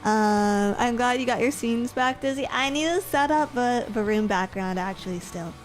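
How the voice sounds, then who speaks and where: A woman's voice: a little high, normal speed. A young woman streamer chatting casually with her viewers at the end of a stream, bubbly and playful. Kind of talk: casual stream outro chat.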